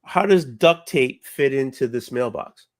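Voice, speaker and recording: A man's voice: mid-range voice, lively intonation, a little slow, no room sound, clean studio sound. A man co-hosting a casual chat, teasing the storyteller with pointed questions and profane banter.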